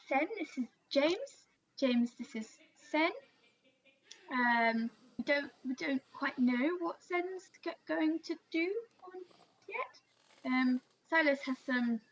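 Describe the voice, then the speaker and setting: Hesitant high-voiced woman, lo-fi mic. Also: fairly bright tone. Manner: hesitant, halting, many fillers. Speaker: player. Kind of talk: playing a tabletop game in character. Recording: dull lo-fi mic.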